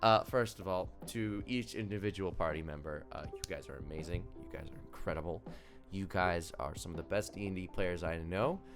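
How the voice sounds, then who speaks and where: Low-voiced young man thanking viewers. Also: brisk. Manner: upbeat, rambling with fillers. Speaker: game master. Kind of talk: closing thanks on a live stream. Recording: faint music behind.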